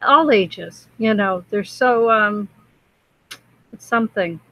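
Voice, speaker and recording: A woman co-hosting a casual chat, pausing to search for the right words. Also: mid-range voice, dry recording. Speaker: co-host. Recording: dull lo-fi dry sound.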